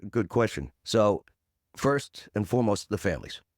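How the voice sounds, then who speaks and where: A podcast guest in his forties, this man speaks at normal speed in clean studio sound free of echo. He's an animated storyteller who acts out quotes, keeping things punchy with plenty of "boom."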